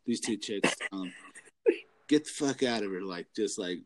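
A man's voice: fairly low pitch, moderate pace, no room sound. A young adult man rambling through a profane story in casual chat, laughing often.

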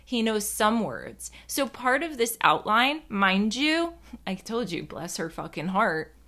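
A woman's voice: mid-range voice, big pitch swings, takes it slowly, pushed and bright. A young woman from New Jersey telling a rambling, casual story in a chatty, profane way, full of fillers.

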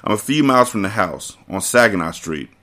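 A man voicing a nervous young wife on the run, talking in a hushed, anxious tone in an audiobook reading. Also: fairly low pitch, lively intonation, fairly quick.

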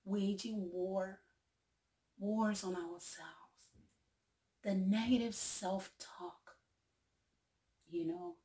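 A woman giving a slow, heartfelt motivational talk, lingering on the lines she quotes. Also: medium pitch, gravelly, darkish tone, far from the mic. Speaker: speaker sharing encouragement.

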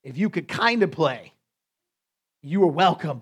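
A male pastor preaches to his congregation, cracking jokes and tossing quick asides between points. His voice sits high for a man. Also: very animated. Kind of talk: sermon.

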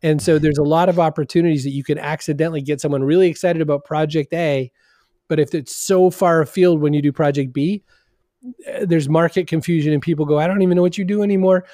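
A middle-aged man from Maine, a guest in a podcast interview, telling animated stories and acting out quotes in lively voices. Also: on the high side, a little fast, no room sound, studio quality. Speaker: podcast guest, marketing consultant. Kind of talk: conversational interview.

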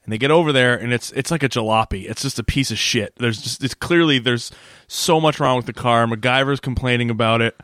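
A man's voice: medium pitch, a little fast, a bit bright, no room sound, studio quality. Chatty man recapping a TV episode. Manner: rambling, restarts, lots of "like". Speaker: podcast co-host. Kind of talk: casual chat recapping an episode.

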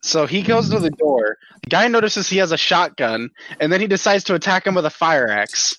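A quick-witted man playing a tabletop game, clarifying the rules and cracking jokes. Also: sits high, animated, fairly bright tone, rough recording. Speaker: player.

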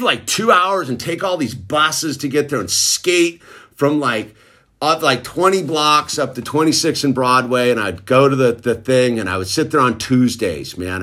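A man's voice: medium pitch, animated, moderate pace, sharp tone. A middle-aged man casually telling a long personal story in laid-back slang, tossing in "dude" constantly. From Southern California. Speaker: recovery storyteller.

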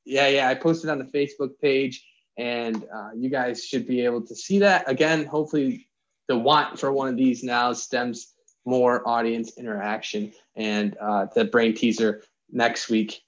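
A young man co-hosting a relaxed tech podcast, explaining a hobby topic with puns and frequent laughter. His voice sits at an everyday pitch, and the recording sounds a little dull and lo-fi. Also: a little slow. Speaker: podcast co-host. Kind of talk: casual podcast chat.

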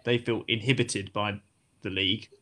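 A man's voice: fairly low pitch, fairly even intonation, normal speed, fairly bright tone. A man in a casual football discussion, explaining his views and defending his club.

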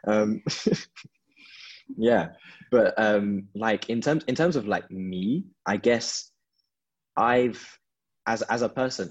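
A man's voice: on the low side, slightly rough, lo-fi sound. A young man from London, a guest in a casual interview, talking thoughtfully with lots of fillers over a video call. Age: young adult. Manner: thoughtful, reflective, with frequent fillers.

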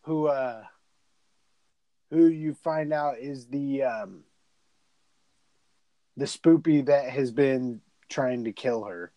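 A young man talks slowly through a horror movie recap, swearing, rambling and dropping into quick voices for the characters. His voice sits in a middle range and is recorded close and dry, with no room sound. He laughs easily with his co-host. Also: mid-range voice, dark tone, dry recording, poor audio. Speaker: podcast co-host. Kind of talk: casual movie recap chat.

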